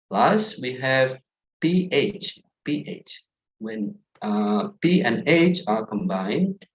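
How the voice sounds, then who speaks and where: A man's voice: mid-range voice, highs cut off. A young man with an Indonesian accent teaching English pronunciation in an online class, saying each word again and again to contrast the right and wrong ways.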